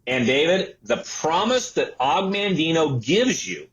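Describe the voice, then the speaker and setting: A man in his sixties, an entrepreneur and author, telling his life story as an interview guest. He tells it in an animated way and acts out the voices of the people he quotes. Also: on the high side, unhurried, muffled recording. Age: 60s.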